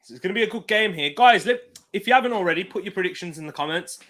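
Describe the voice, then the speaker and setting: Here a British streamer talks rapid-fire in a high, slightly bright voice with lively intonation. He's hosting a live football watch-along, casually chatting, laughing frequently and reading out comments from viewers while leaning back from his desk mic.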